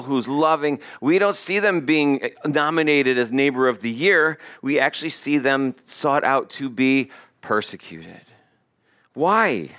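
A male pastor with a voice on the high side preaches a sermon. He keeps it conversational and animated, turning aside now and then to address the congregation.

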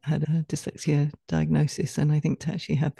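Mellow, effusive podcast host woman. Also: low-pitched, monotone, fairly quick, vocal fry, slightly rough, dry recording, studio quality. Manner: encouraging and effusive, laughs often. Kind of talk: casual interview chat.

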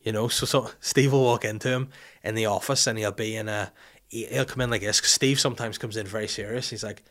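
A man's voice: lowish voice, steady tone, a little fast, fairly bright tone. A man with a Northern Irish accent hosting a casual, joking, sweary chat. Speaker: podcast host.

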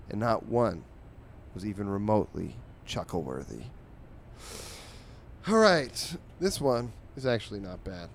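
A man hosting a podcast, reading comic strips aloud in a sarcastic, animated way and jumping his pitch when he quotes the characters. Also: slight background noise. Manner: sarcastic, animated, voices quoted lines with big pitch jumps. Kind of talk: casual comedic monologue.

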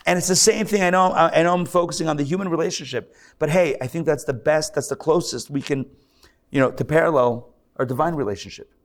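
A man who is a rabbi, giving a lively live sermon to a congregation, joking and acting out mock quotes in between his points. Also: on the high side, quick pace. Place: synagogue hall.

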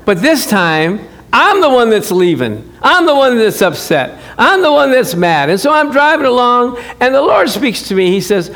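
A middle-aged man preaching a sermon, telling a married-life story with animated acted-out dialogue and frequent chuckles. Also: very high voice, moderate pace, hardly any pauses. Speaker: pastor. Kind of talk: sermon with personal stories.

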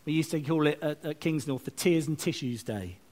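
A man giving a lively, chatty sermon with asides and self-mocking jokes. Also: on the high side, brisk. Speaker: preacher. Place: church service, streamed online.

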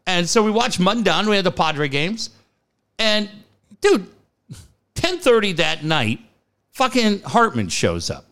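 A middle-aged man, co-hosting a sports talk show and telling stories in an excitable, profane way. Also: sits high, takes it slowly, long pauses. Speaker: sports radio co-host. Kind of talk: casual chat.

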